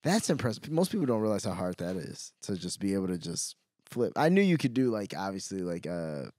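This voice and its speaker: A male podcast host trades laid-back, profane banter with his guest. His pitch swings widely, and the sound is dry and close. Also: big pitch swings, a little fast, a little mellow, dry recording. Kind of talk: casual podcast chat.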